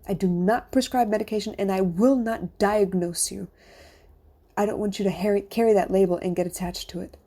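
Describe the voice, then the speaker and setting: A woman's voice: mid-range voice, dark tone. A middle-aged woman, a coach and podcast host, speaking in an earnest, confessional monologue that sometimes drops to a whisper.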